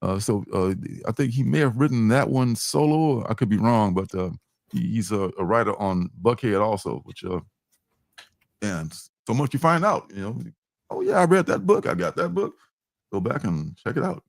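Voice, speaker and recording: A man's voice: lowish voice, lively intonation, moderate pace, creaky, dry recording, clean studio sound. A man hosting a comic book livestream in casual chat, rambling with many fillers and restarts.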